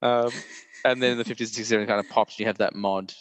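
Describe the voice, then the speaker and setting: A man's voice: on the low side, fairly even intonation, rapid-fire, dry recording, in a large hall. A man in his thirties with an Australian accent, hosting a podcast in a rambling, laugh-filled chat full of fillers. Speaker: podcast host.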